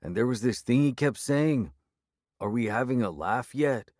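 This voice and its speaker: A man's voice: medium pitch, animated, moderate pace, a little mellow, no echo, studio quality, pitched above the performer's own voice, lightly acted. A man voicing a gaunt, furious male werewolf alpha with a growly, snarling delivery in an audiobook. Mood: resentful. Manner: snarling, hostile, defiant. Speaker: character voice in an audiobook.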